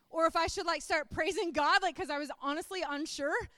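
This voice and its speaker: A middle-aged woman giving a chatty, animated sermon-style testimony, full of "like". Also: very high-pitched, a little fast, no echo, clean studio sound.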